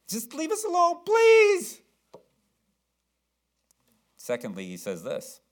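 A man's voice: mid-range voice, fairly bright tone. A man preaching a sermon as pastor, emphatic, repeating words and asking the congregation questions.

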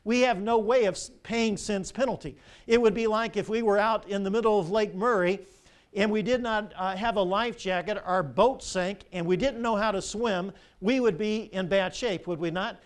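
High-voiced older pastor preaching. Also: male voice, normal speed. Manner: animated storytelling with rhetorical questions. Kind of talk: sermon.

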